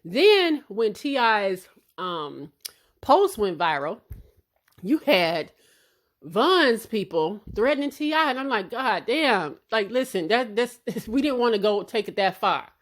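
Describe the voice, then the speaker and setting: A woman hosting celebrity gossip commentary in a blunt, animated way, swearing freely. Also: mid-range voice, takes it slowly. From Chicago.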